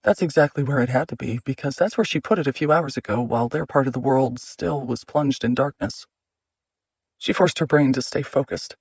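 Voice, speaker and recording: A man narrating an audiobook in a measured, steady reading. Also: mid-range voice, breathy edge, no echo, muffled recording.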